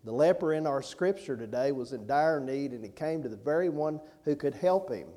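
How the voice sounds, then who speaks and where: A man's voice: mid-range voice, animated, normal speed, dark tone. A man preaching a sermon in a folksy, conversational way, with rhetorical questions, rising to emphatic passages.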